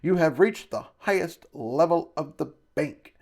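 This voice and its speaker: A man's voice: a little high, animated, unhurried, gravelly, darkish tone, voice pushed up, exaggerated voice. A man voicing a fat, pompous male shopkeeper avatar who gushes and blusters in an audiobook. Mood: gushing. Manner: effusive, blustering. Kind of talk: audiobook character voice.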